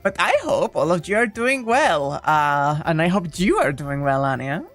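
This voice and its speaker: Streamer rambling and cutting off mid-sentence, bouncy voice, quiet music behind. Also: mid-range voice, lively intonation, moderate pace. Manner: scattered, self-interrupting, giggly. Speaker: streamer playing a visual novel. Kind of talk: casual stream chat.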